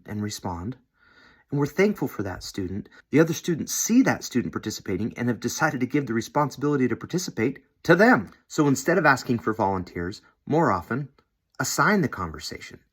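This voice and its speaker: A man's mid-range voice with a breathy edge leads this teaching video for seminary instructors. He's friendly as he role-plays a classroom and models how to put questions to students.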